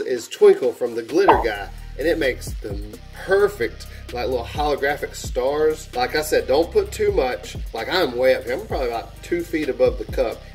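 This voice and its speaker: A man hosting a hands-on craft tutorial, chatting casually and gushing with excitement as he works. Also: mid-range voice. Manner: enthusiastic, gushing, exclaims while working. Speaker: airbrush artist and channel host.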